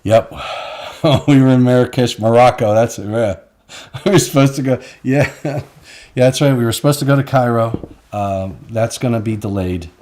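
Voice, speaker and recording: A man's voice: medium pitch, normal speed, darkish tone. A man hosting a live online show, chatting casually and rambling through stories with frequent laughs. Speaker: host. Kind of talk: casual live-stream chat.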